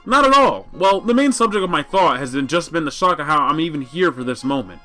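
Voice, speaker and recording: A man voicing a shy, gentle alien girl who speaks hesitantly and politely. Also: on the high side, expressive, a little fast, soft background music.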